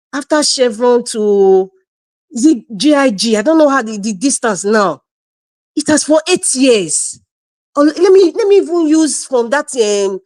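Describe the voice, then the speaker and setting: A woman's voice: high-pitched, fairly bright tone. A woman from Nigeria giving passionate political commentary on a live stream, emphatic and repeating lines for stress. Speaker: panel guest.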